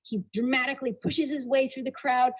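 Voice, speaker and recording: A woman's voice: high-pitched, steady tone, a little fast, slightly rough, low-quality recording. A woman giving a motivational talk as a storyteller, acting out dialogue and asking the audience rhetorical questions. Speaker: motivational speaker.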